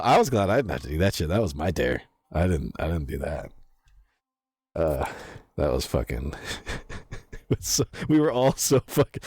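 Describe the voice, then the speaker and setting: Low, husky, swearing young streamer. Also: male voice, darkish tone, no echo, studio quality. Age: young adult. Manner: profane, laughing storyteller. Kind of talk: casual gaming stream chat.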